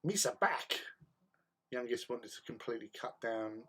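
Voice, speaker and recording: A man hosts a laid-back hobby livestream in an easy, conversational voice. His pitch sits in an ordinary middle range for a man. He talks loosely and often repeats words as he gathers his thoughts. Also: moderate pace, breathy edge. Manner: relaxed, chatty, often repeats words while thinking; responds to viewer chat while painting. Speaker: livestream host. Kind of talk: casual hobby livestream chat.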